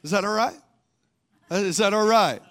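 Speaking at a normal pace in a high, fairly bright voice, a male pastor delivers a sermon. His questions come around more than once as he repeatedly prompts the congregation for responses.

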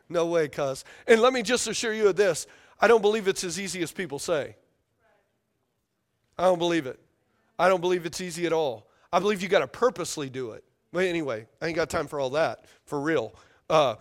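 High-voiced energetic pastor preaching. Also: male voice. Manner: energetic, call-and-response with congregation, casual slang. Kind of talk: sermon. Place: church sanctuary with congregation. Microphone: handheld or stage microphone.

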